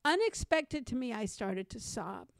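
A woman with a fairly high voice tells a personal story on a podcast, animated and chatty. She slips into the voices of the people in her story as she goes. The sound is close and dry, with no room around it. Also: a little slow, creaky, no room sound. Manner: animated, acts out quoted voices. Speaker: podcast co-host. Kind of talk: conversational storytelling.

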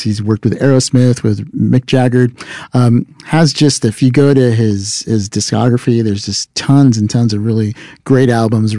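A man's voice: medium pitch, warm tone, no room sound. A male podcast host with a mid-range voice chats casually and laughs often. He tells anecdotes and introduces his guest. The sound is dry and close. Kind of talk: casual chat.

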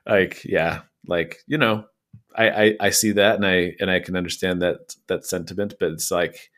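A young man talks through a casual podcast discussion in a fairly low voice. He rambles, circling back with fillers and false starts as he works out his point. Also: steady tone, moderate pace, fairly bright tone. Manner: rambling, lots of fillers and restarts. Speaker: podcast co-host.

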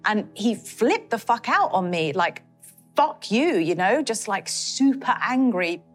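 A woman giving an emotional interview testimony, speaking in a halting way with many fillers. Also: mid-range voice, lively intonation, faint music behind. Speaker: interviewee recounting a personal account.

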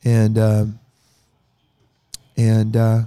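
A man in casual podcast chat, talking with a voice weakened by a cough and making wry, deadpan jokes. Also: fairly low pitch, drawn-out words, smooth. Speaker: band member on a podcast.

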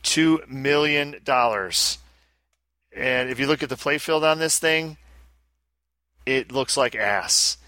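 A man's voice: mid-range voice, measured pace, long pauses, sharp tone, dry recording, studio quality. A man hosting a casual podcast, reading listener emails aloud with wry asides. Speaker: podcast host.

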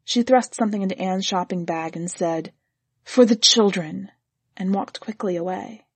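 Female narrator, measured and gently expressive, slightly husky tone, dry booth sound. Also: medium pitch, dry recording. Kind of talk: scripted story reading.

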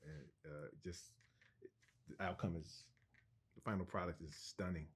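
A man being interviewed as a guest co-writer, telling an anecdote in an animated, excited way, with restarts and laughs. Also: low voice, a little slow, slightly rough.

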